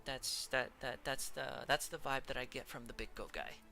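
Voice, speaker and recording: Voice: medium pitch, fairly even intonation, moderate pace, creaky, sharp tone, faint music behind. A streamer chatting casually while ranking characters, laughing often and trailing off mid-sentence. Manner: giggly, rambling, trails off and restarts.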